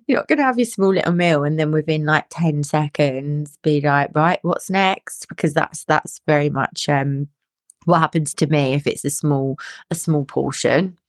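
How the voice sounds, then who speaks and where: A woman co-hosting a casual podcast chat as a fitness coach, talking in a chatty, animated way and often restarting her phrases. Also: deep voice, moderate pace, no room sound, studio quality.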